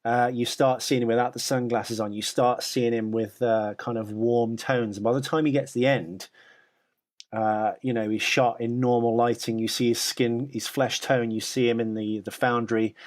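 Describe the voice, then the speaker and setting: A man's voice: medium pitch, flat delivery, moderate pace. Rambling man on a podcast. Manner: rambling, with many restarts and filler uhs. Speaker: podcast co-host. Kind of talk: casual podcast chat.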